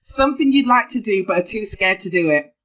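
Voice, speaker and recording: A woman's voice: medium pitch, expressive, fairly quick, a bit bright. A woman co-hosting a podcast, teasing her guest with questions and laughing often. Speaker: podcast co-host. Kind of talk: casual chat. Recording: dull lo-fi recording.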